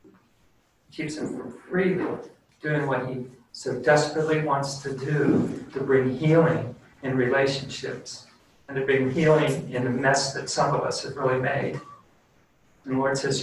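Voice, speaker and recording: A pastor delivers a sermon in an earnest, conversational, plain-spoken style, then leads a prayer. His voice is medium in pitch, flat in delivery, and unhurried. The room is very echoey, the mic is distant, and there's faint background noise.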